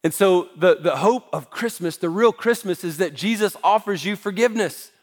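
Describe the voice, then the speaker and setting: A man's voice: high-pitched, moderate pace. A man preaching a sermon as pastor, talking in a conversational way with self-deprecating humor.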